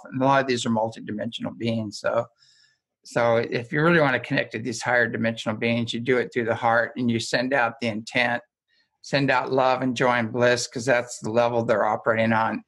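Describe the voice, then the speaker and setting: A man's voice: mid-range voice, a bit bright. A man talking as a guest in a casual conversation, telling stories in a rambling way with frequent restarts and chuckles.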